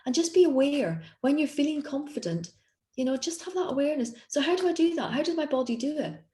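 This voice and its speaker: A woman's voice: high voice, expressive, quick pace, mellow, reverberant. A woman coaching an online group session on confidence, talking in an encouraging, conversational way with frequent restarts. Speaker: executive coach.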